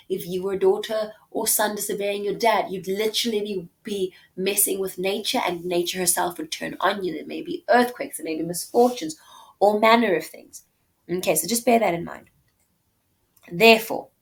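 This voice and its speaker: A woman teaching a classic play, reading each quoted line aloud and then unpacking it in plain words. She leans into the quotes with extra emphasis and keeps checking in with "okay?" and "right?". Her voice sits in a middling range for a woman. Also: mid-range voice. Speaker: literature teacher.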